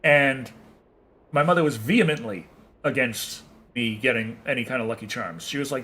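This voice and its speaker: Bright-voiced man rambling casually on stream. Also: medium pitch, normal speed. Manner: rambling, profane, chuckling. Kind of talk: casual chat with viewers while playing.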